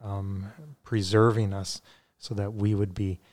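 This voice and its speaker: A man's voice: fairly low pitch, little pitch movement, measured pace, a little mellow. A man talking earnestly on a faith podcast, with many fillers and restarts, then leading a prayer.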